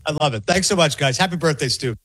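Middle-aged guy, fast husky voice, high for a man, dry close sound, rattles off sports takes. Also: no room sound. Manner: rapid and animated, acts out quotes. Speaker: sports radio guest analyst. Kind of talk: fast casual sports talk.

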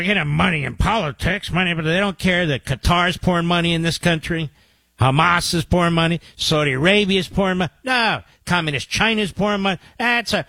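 Male talk radio host, sarcastic and combative, husky close-mic studio voice. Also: on the high side, a bit bright, no echo. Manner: sarcastic, mocking asides to his producer. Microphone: studio microphone.

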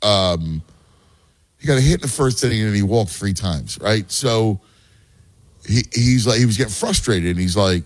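A man's voice: on the low side, animated, moderate pace, no room sound. A man who coaches youth baseball and has a son, chatting casually and explaining game strategy with many restarts. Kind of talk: casual podcast chat.

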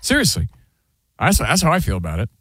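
A man co-hosting a sports talk show, arguing and joking in casual, animated banter from a studio. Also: a little high, brisk, slightly rough, dry recording. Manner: animated, argumentative, jokey. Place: radio studio.

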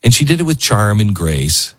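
A man's voice: on the low side, big pitch swings, normal speed, a bit bright, dry recording, studio quality. A man hosting a talk show, speaking in a loose, emotional way with lots of fillers and restarts. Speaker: radio host. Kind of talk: casual on-air talk.

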